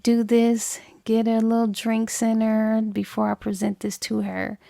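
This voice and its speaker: A woman's voice: on the high side, monotone, measured pace, vocal fry, warm tone, no room sound, studio quality. A woman voicing a young wife who earnestly tries to persuade her husband and best friend, speaking in a pleading, coaxing way.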